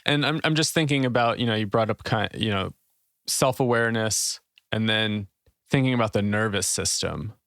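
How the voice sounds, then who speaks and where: A man hosting a podcast, talking in a relaxed, rambling way with many fillers. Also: on the low side, moderate pace, gravelly, no room sound, clean studio sound. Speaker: podcast host. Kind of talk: interview conversation.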